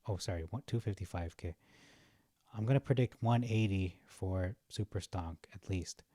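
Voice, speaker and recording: Young guy chatting loosely on his vlog, kinda low and mellow, chuckles a lot, no room sound. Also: moderate pace, no echo, studio quality. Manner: chatty, laughs at his own jokes, frequent fillers. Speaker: stock market vlogger. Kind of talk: casual rambling commentary while browsing.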